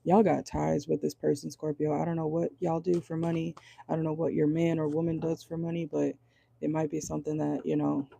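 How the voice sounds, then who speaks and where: Gravelly, hoarse-voiced woman tarot reader. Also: low voice, flat delivery, a little fast, dark tone, dry recording. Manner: chatty, frequent "okay?" check-ins, swears casually. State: voice going hoarse. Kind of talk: casual tarot reading monologue.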